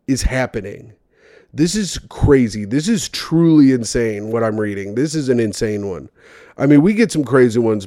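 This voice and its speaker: A man's voice: medium pitch, dark tone, no echo, studio quality. A man doing profane, mocking comedic commentary as he reads advice letters aloud and rants over them.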